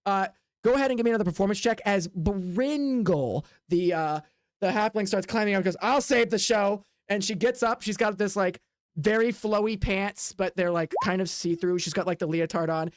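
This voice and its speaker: A man streaming as game master for a tabletop game, narrating in a rambling, filler-heavy way and dropping into quick voiced asides. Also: high voice, clear, resonant tone, dry recording, clean studio sound.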